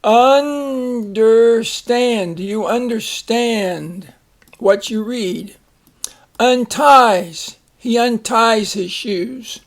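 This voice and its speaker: A man teaching a phonics lesson, slowly reading words, splitting syllables and giving example sentences. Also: sits high, fairly bright tone. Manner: slow, deliberate, repeats each word and splits syllables.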